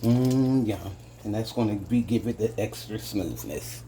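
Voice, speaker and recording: A man's voice: lowish voice, unhurried, very noisy. A man hosting a casual cooking demonstration in a home kitchen, chatting to his viewers as "guys" and savoring each taste with little hums. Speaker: home cooking channel host.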